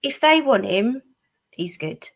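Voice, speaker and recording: A woman's voice: a little high, lively intonation, slow pace. Emphatic woman guest who laughs often. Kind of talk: casual football fan chat.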